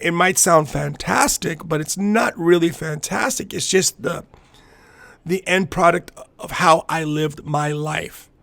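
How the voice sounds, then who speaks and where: Guy in his 50s from the border, kinda high gravelly voice, rambling through a story, dry close sound. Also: a bit bright, no room sound. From US–Mexico border region. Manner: reflective, rambling, with frequent restarts. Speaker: podcast host and capoeira master. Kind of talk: personal storytelling.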